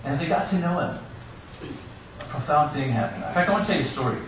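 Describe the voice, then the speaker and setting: A pastor's slightly high, animated voice moves fast as he preaches an Easter sermon, mixing personal stories with jokes. The sanctuary echoes, the mic sits far away, and hiss lingers in the background.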